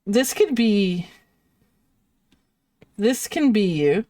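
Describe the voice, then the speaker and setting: A woman's voice: mid-range voice, big pitch swings, very slow, dark tone, no room sound, clean studio sound. A woman livestreaming while she draws, chatting casually with her viewers, giggling often and apologizing playfully. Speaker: livestreamer drawing on stream.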